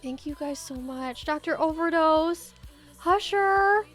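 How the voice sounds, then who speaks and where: A woman hosting a live stream before a tabletop game, chatting with her viewers in an excitable, giddy way, laughing and exclaiming often. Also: high-pitched, slow pace, faint music behind.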